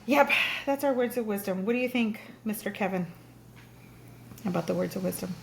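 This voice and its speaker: A podcast host with a medium-pitched, creaky voice talks fairly quickly, with a little hiss or hum on the recording. She chats frankly and tells stories with animation, laughing often.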